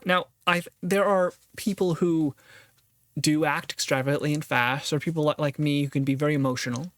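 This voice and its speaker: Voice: medium pitch, fairly even intonation, moderate pace, no room sound. A podcast host giving earnest, reflective solo commentary on a philosophy text, thinking aloud and restarting phrases often.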